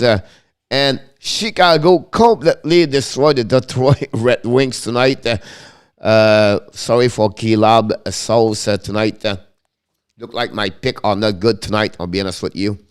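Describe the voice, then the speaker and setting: A man with a French accent calls a hockey game play by play for a live stream, tracking each pass in quick, broken English. His voice sits low. It stays smooth and clear. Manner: rapid running commentary in broken English, names each pass. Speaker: play-by-play commentator and stream host.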